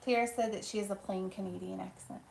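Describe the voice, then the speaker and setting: Creaky-voiced woman reading chat in an echoey room. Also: medium pitch, steady tone, fast talker, a little hiss or hum. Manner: reads viewer comments aloud, soft-spoken. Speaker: live stream co-host reading chat. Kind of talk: casual live-stream chat.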